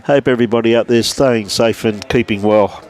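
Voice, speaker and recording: Chatty Australian lawn bowls commentator. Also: male voice, medium pitch, steady tone, normal speed, darkish tone. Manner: chatty, matey, greets viewers by name. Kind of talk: live sports commentary with viewer shout-outs. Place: indoors behind a glass window beside the green.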